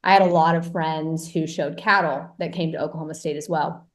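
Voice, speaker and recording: A woman's voice: sits low, fairly quick. Chatty woman telling a story with "like"s. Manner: lively, self-mocking, peppered with "like" and swearing. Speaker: podcast guest. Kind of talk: casual storytelling.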